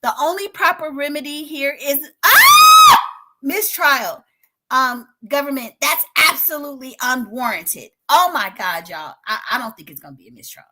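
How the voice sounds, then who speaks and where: A middle-aged woman hosting a home livestream, commenting dramatically with loud exclamations and laughter, then dropping to a hush. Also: high voice, lively intonation, fairly quick, few pauses, a little hiss or hum. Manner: dramatic, exclaims and laughs loudly, swings from shouting to hushed. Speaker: livestream host covering a trial. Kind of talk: excitable live commentary. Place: home studio in a spare bedroom.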